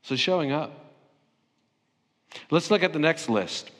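Preaching in the church sanctuary, this middle-aged Southern Californian pastor mixes anecdotes and self-deprecating jokes, playfully voicing imagined interviews. His voice is on the high side, a bit bright, lively in intonation, measured in pace, with a big-room sound.

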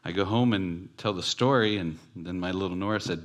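Low-voiced pastor telling a story. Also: male voice, fairly quick. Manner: conversational storytelling, self-deprecating. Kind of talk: sermon.

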